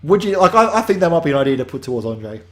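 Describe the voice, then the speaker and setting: A man's voice: on the high side, big pitch swings, rapid-fire. A man hosting a weekly game update, talking casually in a rambling way that drifts off on tangents and restarts often.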